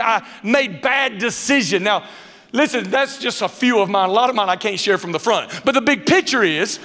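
A man preaching a sermon, telling funny personal stories in an animated way and acting out what people said. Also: sits high. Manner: animated storyteller, dialect grammar, acts out quotes. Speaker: pastor. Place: church sanctuary. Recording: reverberant hall sound.

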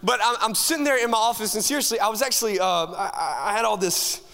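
Youth pastor guy, high sharp voice, jokey and pumped, big echoey church hall. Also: fast talker. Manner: animated, joking, talks straight to the crowd. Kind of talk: energetic sermon to a congregation. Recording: long hall reverb from a church room.

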